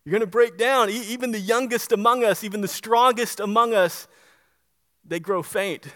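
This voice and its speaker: A man with a high voice preaches a sermon. He talks to the congregation conversationally but hits his points with emphasis and keeps asking rhetorical questions. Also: steady tone, moderate pace, a bit bright. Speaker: pastor.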